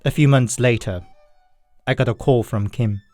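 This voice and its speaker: A man narrating scary stories in a slow, measured way. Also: mid-range voice, no echo. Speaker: storyteller. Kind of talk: scripted horror narration. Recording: dry, with soft violin music. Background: faint violin music.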